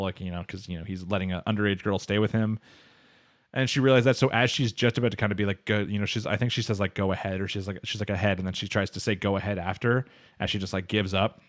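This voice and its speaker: A man's voice: on the low side, fairly even intonation, fast. A man co-hosting a casual anime podcast, retelling an episode in a rambling way, full of fillers and quoted lines. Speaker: podcast co-host. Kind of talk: casual anime recap chat.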